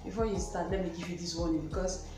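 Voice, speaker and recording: A woman from Nigeria with a Nigerian accent, hosting a lesson and slowly repeating each sound several times. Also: on the low side, fairly even intonation, roomy sound, music in the background, low-quality recording. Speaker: Korean language teacher, channel host. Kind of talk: slow spoken lesson.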